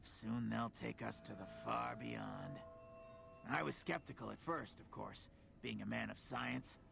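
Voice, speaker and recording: An actor voicing a proud, neurotic male ghoul engineer in a video game, with a gravelly voice and a touchy, sardonic manner. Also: big pitch swings, unhurried, exaggerated voice. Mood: earnest. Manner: proud and touchy, swings to shrill outrage.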